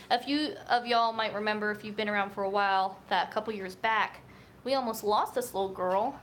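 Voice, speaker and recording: Bright, chatty woman vlogger. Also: a little high, slight background noise. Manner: chatty, rambling with many fillers. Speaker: nutrition coach hosting a livestream. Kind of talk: casual live chat. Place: home room set up for filming. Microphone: camera on a tripod.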